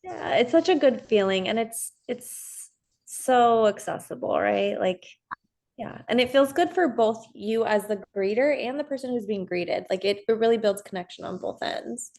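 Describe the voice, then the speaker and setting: Calm, gentle woman therapist. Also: on the high side, normal speed, vocal fry. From United States. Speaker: therapist, podcast guest. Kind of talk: casual interview chat.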